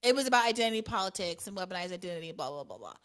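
A woman's voice: mid-range voice, lively intonation, rapid-fire. A woman hosting a call-in podcast, chatting casually with callers and laughing often. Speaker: podcast host taking calls.

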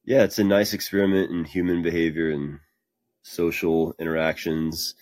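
A man's voice: sits low, little pitch movement, moderate pace, darkish tone. A young man chatting casually on a podcast call, rambling with lots of fillers. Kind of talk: casual chat.

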